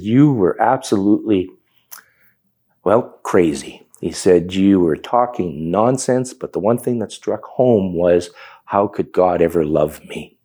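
A man's voice: low-pitched, mellow, husky. A middle-aged man with a Canadian accent telling his personal testimony in a reflective storytelling manner. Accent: Canadian English. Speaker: testimony speaker.

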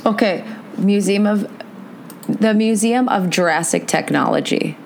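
A woman's voice: mid-range voice, measured pace, vocal fry, slight background noise. A woman co-hosting a podcast, chatting casually, swearing freely and telling stories with big jumps in emphasis. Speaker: podcast co-host. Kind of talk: casual chat.

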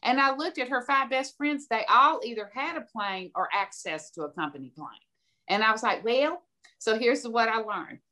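A woman's voice: a little high, moderate pace, bright, forceful tone. An older woman from the American South, a podcast guest giving direct, emphatic advice and telling stories. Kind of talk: conversational advice.

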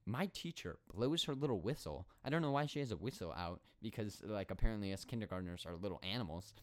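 A man's voice: fairly low pitch, animated, quick pace. A man of twenty hosting a solo podcast, telling a story in a rambling, sarcastic way with many fillers. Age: 20s. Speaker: podcast host.

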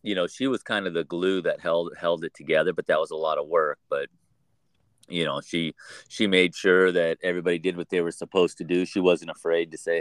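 A middle-aged man talking casually on a podcast as co-host, halting and often restarting his phrases. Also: low voice, steady tone, no room sound. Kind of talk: casual chat.

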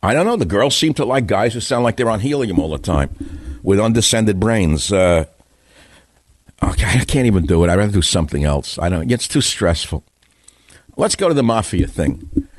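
A man in his seventies delivering an opinionated, rambling radio monologue with a sardonic edge. His voice sits on the lower side, recorded close and dry on a studio microphone. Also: lively intonation, moderate pace, no room sound. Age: 70s. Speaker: talk radio host.

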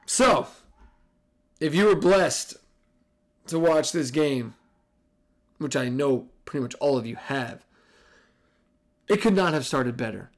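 A man's voice: a little high, lively intonation, takes it slowly, long pauses. Sarcastic, profane sports podcast man. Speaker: podcast host. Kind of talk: casual sports talk.

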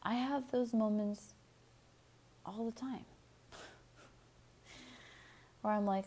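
Speaking slowly with long pauses, this woman's voice is a little high. She's a podcast host from the United States delivering a casual solo monologue, candid, animated, and full of swearing, fillers, and laughs.

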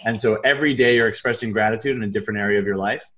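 A man as an interview guest, telling a casual, animated story in loose, colloquial speech with some swearing. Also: fairly low pitch, racing. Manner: animated, acts out his own quoted thoughts.

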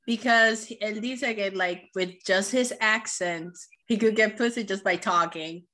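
A woman's voice: mid-range voice, unhurried, sharp tone. A woman co-hosting a casual movie review chat, laughing often and switching between English and Spanish.

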